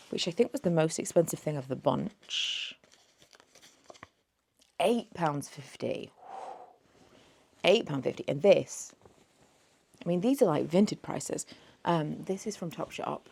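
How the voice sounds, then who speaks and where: A woman near forty talks through her thrift haul in a loose, rambling vlog chat. Her voice sits low and has a gravelly fry, and her words run a little slurred, like she has only just woken up. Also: darkish tone. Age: late 30s. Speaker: beauty vlogger.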